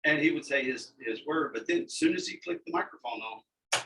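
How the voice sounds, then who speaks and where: Telling stories as a guest, a man who has long worked as a radio DJ chats in a casual, folksy manner. His voice is mid-range, a little fast and sharp, picked up by a distant mic with faint background noise.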